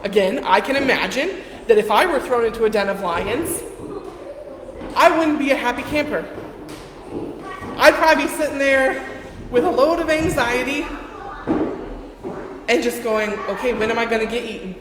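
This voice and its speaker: A woman's voice: high-pitched, lively intonation, moderate pace, long pauses. Woman preaching in an echoey hall. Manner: conversational, playfully acts out the Bible figures. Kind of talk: sermon. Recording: echoey hall with long reverb and faint noise.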